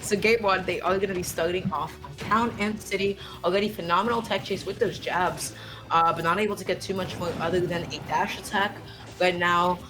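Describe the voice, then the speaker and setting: Young woman, esports caster, playful, excitable, lowish voice, faint background music. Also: fairly quick. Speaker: esports commentator. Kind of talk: live esports commentary.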